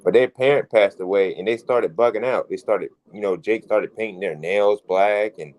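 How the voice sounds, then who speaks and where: A man's voice: fairly low pitch, normal speed, a little mellow, rough recording. A man telling a personal story in a casual, rambling way, restarting his phrases as he goes. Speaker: street preacher in group discussion.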